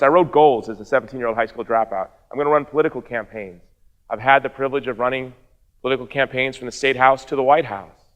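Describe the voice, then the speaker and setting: A man's voice: mid-range voice, fairly bright tone, big-room sound. A middle-aged man giving an earnest personal testimony to an audience, mixing wry asides into his story. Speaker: speaker.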